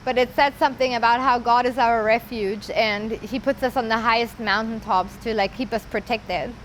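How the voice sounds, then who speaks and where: A woman telling her personal story in an earnest, halting way, often pausing with casual fillers. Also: a little high, steady tone, slight background noise, rough recording. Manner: earnest, halting, with many "like" and "you know" fillers. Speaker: interviewee sharing her story. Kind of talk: personal testimony.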